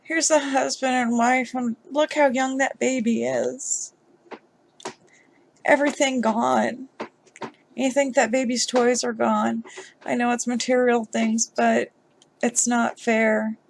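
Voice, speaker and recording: A woman vlogger giving emotional commentary on a news story, upset and halting, with sighs. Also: on the high side, creaky.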